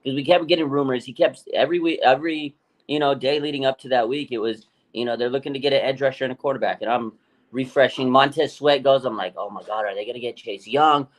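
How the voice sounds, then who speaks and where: A man co-hosting a live sports talk stream, telling stories in an excited, rambling way. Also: medium pitch, fast, low-quality recording. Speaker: podcast co-host.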